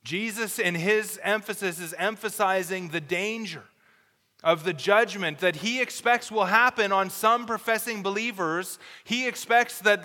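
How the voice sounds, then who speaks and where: A man's voice: sits high, pushed and bright. A male pastor preaching a sermon, reading scripture aloud and giving earnest, urgent warnings. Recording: long hall reverb.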